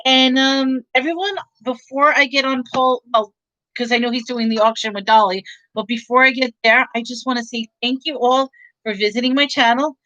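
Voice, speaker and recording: A chatty, upbeat woman with a New York, Long Island accent talks casually to her live-stream viewers, rambling and laughing as she goes. Her voice sits fairly high. The sound is dry and close. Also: fairly even intonation, normal speed, sharp tone, no echo, lo-fi sound. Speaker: online reseller hosting a live stream. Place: home in Texas.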